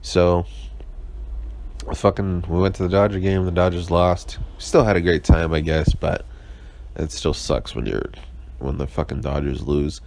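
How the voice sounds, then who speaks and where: A man's voice: deep voice, fairly even intonation, unhurried, vocal fry, a little mellow, a little hiss or hum. A young man hosting his own casual podcast, hungover, sarcastic, rambling and swearing constantly with lots of fillers and restarts. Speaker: podcast host. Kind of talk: casual solo podcast check-in.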